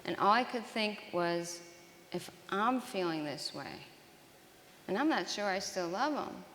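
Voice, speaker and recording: A woman's voice: medium pitch, expressive, fairly bright tone, a little hiss or hum. Earnest woman speaking in a reverberant hall. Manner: earnest, halting, with repeated restarts. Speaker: speaker sharing her own story. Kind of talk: personal testimony talk to an audience. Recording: roomy hall with long reverb.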